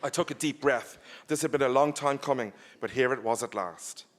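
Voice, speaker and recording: A man, an author, giving an expressive live reading of his own novel. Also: mid-range voice, moderate pace. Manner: expressive, animated storytelling.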